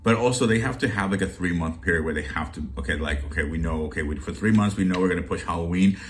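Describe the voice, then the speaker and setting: A man with a fairly low voice talks in a loose, rambling way, greeting his viewers like friends. He is a shopping deals vlogger chatting casually to camera. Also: quick pace.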